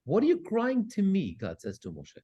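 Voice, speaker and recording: A man, a cantor, teaching a Bible study class who reads Hebrew verses aloud and translates them with lively questions. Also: high voice, moderate pace, husky, lo-fi sound.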